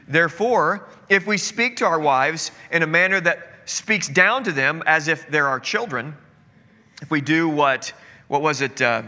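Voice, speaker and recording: A man's voice: fairly high pitch, sharp tone. Earnest preacher man in a reverberant hall. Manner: earnest, conversational preaching with asides. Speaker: pastor. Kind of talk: sermon. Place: church sanctuary.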